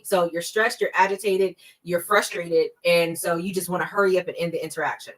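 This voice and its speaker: A woman's voice: lowish voice, steady tone, low-quality recording. A woman in her thirties, a guest expert on a podcast, explaining fraud warning signs in an emphatic, conversational way. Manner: emphatic, acts out scam calls in quick bursts.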